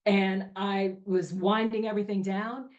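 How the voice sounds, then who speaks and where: A middle-aged woman speaking as an interview guest at an ordinary, middle pitch. She tells her story with animated emphasis and leans on conversational check-ins as she goes. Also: measured pace, dull audio. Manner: animated, emphatic storyteller with frequent "you know" and "right?". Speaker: entrepreneur guest.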